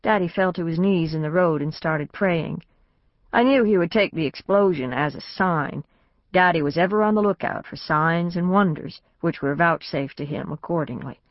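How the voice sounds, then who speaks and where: Woman narrating an audiobook, lowish voice. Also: normal speed, no echo. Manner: plain storytelling, lifts her voice for the family's lines. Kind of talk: unabridged novel narration, first person. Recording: dry, slightly dull studio recording.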